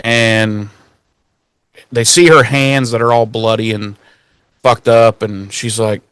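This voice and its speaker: A man co-hosting a podcast, casually recapping a TV episode with crude jokes and quick character impressions. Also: mid-range voice, steady tone, fairly bright tone, clean tone, no room sound. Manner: profane, jokey, acts out characters in quick voices. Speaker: podcast co-host.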